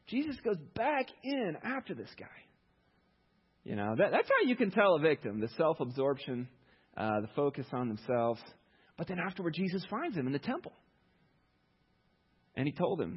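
Sarcastic chatty preacher in an echoey hall. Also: male voice, a little high, sing-song, normal speed, pauses often, slightly rough. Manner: conversational, sarcastic asides, many fillers. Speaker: pastor. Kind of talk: sermon. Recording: echoey hall, dull lo-fi sound.

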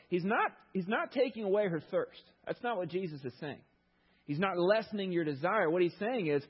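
Brief: male pastor, husky voice, storytelling sermon, slightly dull recording. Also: sits high, fairly quick. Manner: storytelling, animated retelling with rhetorical questions.

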